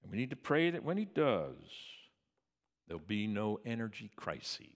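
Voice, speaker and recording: A man preaching a sermon in a church, swinging from hushed tones to booming cries. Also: sing-song, normal speed, in a large hall.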